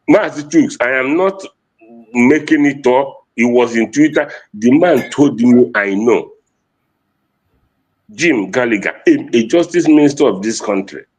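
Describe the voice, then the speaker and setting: Fervent Nigerian man, Igbo accent. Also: a little high. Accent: Nigerian Igbo English. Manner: fervent, mixes Igbo and English, repeats phrases. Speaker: activist speaker. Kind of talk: impassioned political speech.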